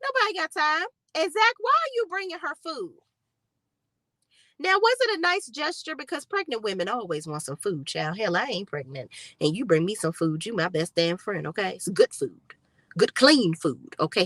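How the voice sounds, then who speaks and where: A woman's voice: mid-range voice, lively intonation, moderate pace, fairly bright tone, no room sound. A woman giving casual show recap commentary, blunt, sassy and profane. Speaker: TV recap vlogger.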